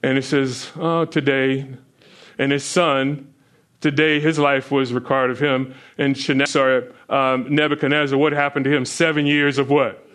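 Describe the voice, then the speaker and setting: A man's voice: little pitch movement, normal speed, a bit bright. A man preaching a sermon who keeps asking the listeners questions, with chuckles between points. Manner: asks the listeners questions, rises in pitch when stressing points. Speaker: pastor.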